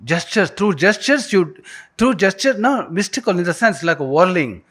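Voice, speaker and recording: A man's voice: high voice, animated, normal speed, fairly bright tone. A man from India, giving an inspirational keynote talk at a university event and coaxing the audience to repeat his phrases, with frequent restarts. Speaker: keynote speaker.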